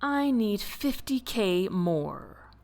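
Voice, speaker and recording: A woman's voice: mid-range voice, very slow, vocal fry, exaggerated voice. Woman doing a smug corrupt judge. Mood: smug calm. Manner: calm, contemptuous. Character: corrupt smug male judge, calm and wicked.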